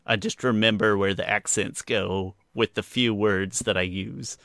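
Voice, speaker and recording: A man's voice: fairly low pitch, fairly even intonation, unhurried, vocal fry, a bit bright, no echo, studio quality. A man co-hosting a casual podcast, joking and playful as he talks. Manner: jokey, playful, laughs often. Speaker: podcast co-host. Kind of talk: casual chat.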